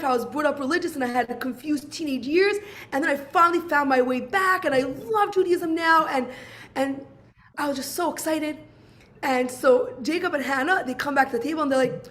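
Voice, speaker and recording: A woman's voice: high voice, quick pace. A woman, telling a personal story and acting out conversations. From Brooklyn, USA. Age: 40s. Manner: animated, acts out dialogue, many "I'm like"s. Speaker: speaker sharing her story.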